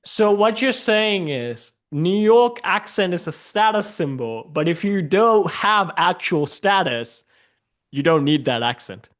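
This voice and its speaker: A man's voice: high-pitched, animated, measured pace, fairly bright tone. A man chatting as a guest on a video call, teasing and laughing as he argues his point. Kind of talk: casual chat.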